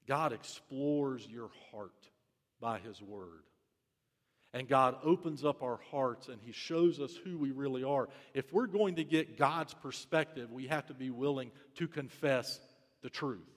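A pastor preaching a sermon in an earnest, emphatic way, repeating his key phrases. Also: on the high side. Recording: reverberant hall.

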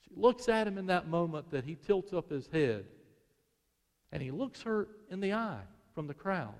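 A male preacher telling a sermon story dramatically, swelling to intensity and then dropping to a hush. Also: on the high side, animated, moderate pace. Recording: long reverb of a large hall.

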